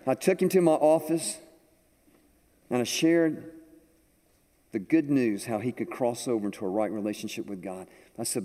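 An older man preaching a sermon, telling a story with animated delivery to a congregation. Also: mid-range voice, moderate pace. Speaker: pastor. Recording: echoey hall with long reverb.

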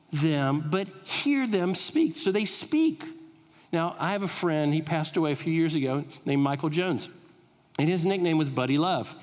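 Preacher telling stories in a hall. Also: male voice, a little high. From United States. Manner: animated, humorous storytelling. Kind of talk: storytelling sermon. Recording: reverberant hall.

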